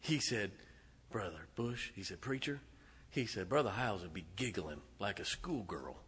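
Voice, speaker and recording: A man preaching a sermon as pastor, emphatic and laughing between lines, swinging from loud to soft. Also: on the low side, animated, moderate pace, a little hiss or hum. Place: large church auditorium. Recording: long hall reverb.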